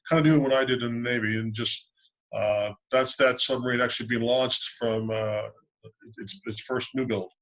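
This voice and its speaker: A man's voice: medium pitch, fairly even intonation, moderate pace, fairly bright tone, rough recording. An older man recounts his navy days in a loose, rambling way, full of ums and restarts. He sounds easygoing and amused, talking over a video call. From United States. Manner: rambling, good-humored anecdotes with many fillers. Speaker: submarine veteran and loan officer. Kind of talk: casual storytelling interview.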